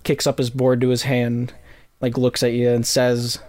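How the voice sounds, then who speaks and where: A game master narrating a tabletop role-playing scene, halting and full of fillers. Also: medium pitch, completely flat delivery, darkish tone.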